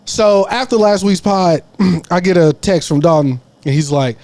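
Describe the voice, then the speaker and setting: A man's voice: high-pitched, a little slow, hardly any pauses, a little mellow. A man co-hosting a podcast in casual chat, telling stories in a rambling, slangy way full of restarts. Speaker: podcast co-host. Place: podcast studio.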